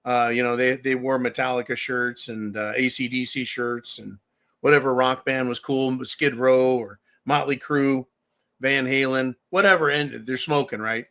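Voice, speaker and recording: A man's voice: medium pitch, steady tone, normal speed, fairly bright tone. A man in his fifties from California hosting a live stream, joking and swearing as he reads out viewer donations. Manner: boisterous, profane and joking, reading donations aloud. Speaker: livestream host. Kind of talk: casual live-stream chat.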